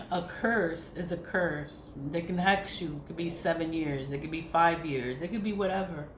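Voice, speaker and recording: A woman in her forties, a nonprofit founder, talking candidly and rambling in a casual vlog, swearing freely, her voice going hoarse. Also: deep voice, moderate pace, fairly bright tone, a little hiss or hum. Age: 40s. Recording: roomy echo, faint ambience.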